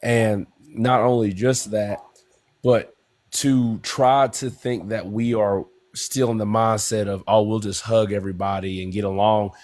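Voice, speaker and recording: A man calling in to a live discussion, explaining his view in a measured way. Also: lowish voice, steady tone, a little mellow, dry recording. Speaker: caller.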